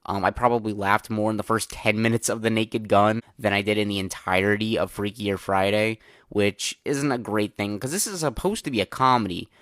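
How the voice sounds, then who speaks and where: A man's voice: fairly low pitch, brisk, few pauses, fairly bright tone, no echo, studio quality. A young man hosting a solo movie review podcast, chatting casually with lots of filler words and candid opinions.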